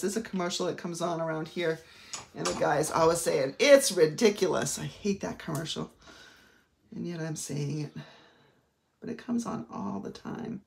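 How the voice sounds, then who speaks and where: A low voice with vocal fry belongs to a middle-aged Maine woman demonstrating a craft technique, chatting and rambling off on asides. The tutorial is recorded with roomy echo and slight background noise.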